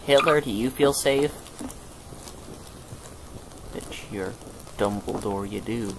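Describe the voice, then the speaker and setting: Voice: medium pitch, slow, creaky, noisy background. A gamer giving jokey let's play commentary who keeps bursting into panicked screaming. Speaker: gameplay video creator.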